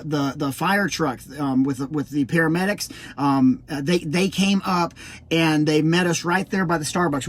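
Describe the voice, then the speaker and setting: A middle-aged man telling a personal story as a parent, halting and full of restarts, acting out the quotes. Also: on the high side. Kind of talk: casual spoken storytelling.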